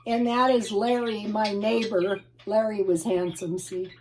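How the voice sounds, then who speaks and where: A woman's voice: medium pitch, steady tone, measured pace, darkish tone. Chatty, rambling woman vlogger. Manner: chatty, rambling, laughs often. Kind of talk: casual chat showing old photos.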